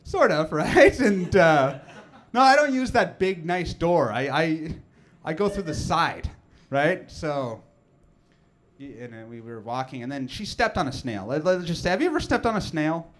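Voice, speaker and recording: A man's voice: on the high side, very animated, moderate pace. A man, doing a rambling, self-deprecating stand-up set full of fillers and restarts. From Nova Scotia, Canada. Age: 30s. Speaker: comedian.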